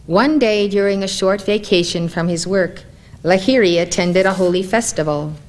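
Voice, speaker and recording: A woman narrating a spiritual story in a calm, measured reading voice. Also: medium pitch.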